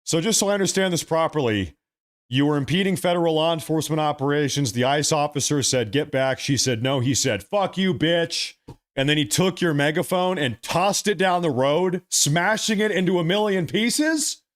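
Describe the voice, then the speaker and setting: A man's voice: a little high, normal speed. A man streaming live commentary over a video feed, talking in a mocking, sarcastic way.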